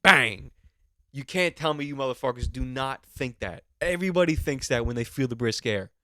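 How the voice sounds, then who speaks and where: A man's voice: medium pitch, fairly quick, dry recording, studio quality. A young man hosting a podcast, riffing in a rambling, profane, comedic monologue full of fillers. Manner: rambling, profane, lots of fillers and mock voices. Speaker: podcast host.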